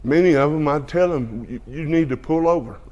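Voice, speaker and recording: A man's voice: fairly high pitch, brisk, a little mellow, muffled recording. A man preaching a testimony to a congregation, folksy and full of amens. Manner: folksy, peppers speech with "amen" and "hallelujah".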